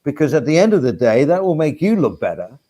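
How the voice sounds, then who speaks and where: A man's voice: on the high side, big pitch swings, quick pace, dark tone. A man on a live stream panel, talking earnestly and repeating himself as he makes his points. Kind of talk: casual panel chat.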